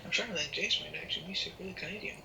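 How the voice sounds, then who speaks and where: A man chatting casually on a stream, calm and dry with brief replies. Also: high-pitched, racing, creaky, slight background noise, poor audio. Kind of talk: casual chat.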